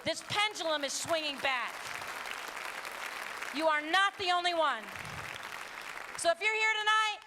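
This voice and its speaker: A woman giving an impassioned, emphatic motivational talk to teens, swinging between loud and hushed passages. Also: very high voice, measured pace, long pauses, crowd noise, background noise. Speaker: youth abstinence speaker. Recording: long hall reverb, faint audience.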